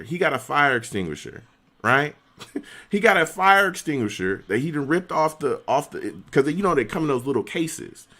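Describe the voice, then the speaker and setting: A man streaming, telling a story in an animated, slangy way and laughing often. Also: fairly high pitch. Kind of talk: casual storytelling.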